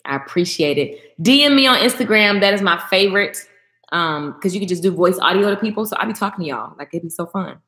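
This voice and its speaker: A woman's voice: quick pace, echoey room. A young adult woman hosting a casual livestream, chatting with her viewers and answering their comments. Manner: animated, talks back to comments, swings high when excited. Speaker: livestream host.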